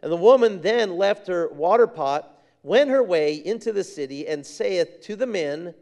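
A man's voice: high-pitched, lively intonation, unhurried, a little mellow. A man preaching a sermon with fervor, repeating phrases for emphasis and reading scripture in King James wording. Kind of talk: sermon with a personal story.

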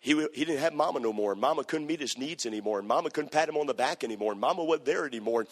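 A male pastor preaching a sermon, moving between hushed storytelling and shouting. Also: mid-range voice, expressive, racing. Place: church sanctuary. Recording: echoey church hall.

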